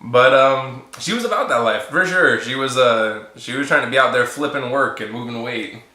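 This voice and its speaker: A man's voice: medium pitch, normal speed, bright, forceful tone, reverberant. A man casually telling a funny story about his wife, laughing often and quoting her lines. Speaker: guest husband telling a story.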